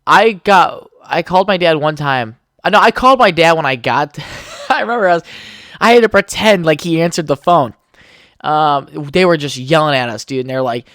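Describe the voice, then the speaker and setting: With lively intonation and a voice on the high side, this young podcast host chats casually on his own at a moderate pace. He rambles through profane stories and laughs often, sounding a bit bright in a dry, clean studio recording.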